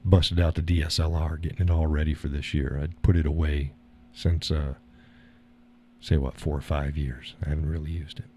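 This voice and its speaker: A man's voice: a bass voice, little pitch movement, normal speed, a little mellow, a little hiss or hum. A man hosting a live stream, talking casually and rambling, chuckling at his own remarks.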